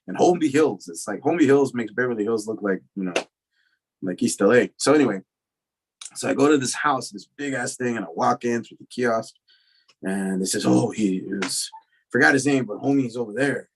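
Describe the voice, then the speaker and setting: A man shares his recovery story in a loose, profane way. He keeps slipping into animated voices for the people in his story. His pitch sits in the middle. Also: moderate pace, a little hiss or hum, low-quality recording. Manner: casual, profane, animated retelling with acted quotes. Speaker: recovery lecture speaker. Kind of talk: personal storytelling talk.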